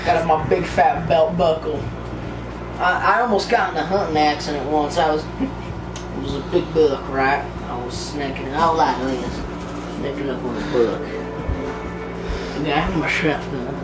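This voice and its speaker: A man's voice: on the high side, fairly even intonation, unhurried, long pauses, over loud music, natural voice. A man playing a boozy, rambling backwoods hunter in an improvised comic interview, goofy and laughing a lot. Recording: distant echoey mic with loud traffic noise.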